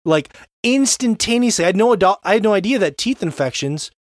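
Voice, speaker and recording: A young adult man co-hosting a podcast, telling a story in an animated, casual way and swearing now and then. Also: high-pitched, brisk, no room sound, studio quality. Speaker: podcast co-host. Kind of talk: casual chat.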